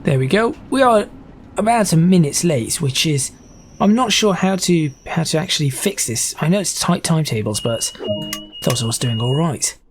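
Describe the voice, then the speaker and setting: A man's voice: fairly high pitch, lively intonation, normal speed. Man, casual gameplay host, stop-start chatter, train noise underneath. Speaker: gaming video host. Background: train sim game noise.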